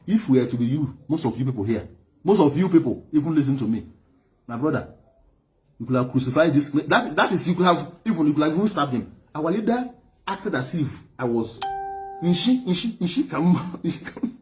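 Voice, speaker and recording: A man with a Nigerian accent, an Igbo speaker, telling stories to an audience in an animated way, often repeating words. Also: a little high, fairly quick. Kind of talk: storytelling speech.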